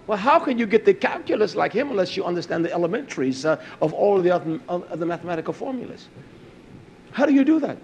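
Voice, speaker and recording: A man preaching a sermon, emphatic, swinging between low asides and loud raised emphasis. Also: sing-song, fast, creaky.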